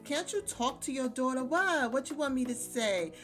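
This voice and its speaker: A woman's voice: sits high, expressive, moderate pace, fairly bright tone, soft background music, voice pushed up. A woman voicing a tired, hurt middle-aged mother in a life-sim game, weary and scolding.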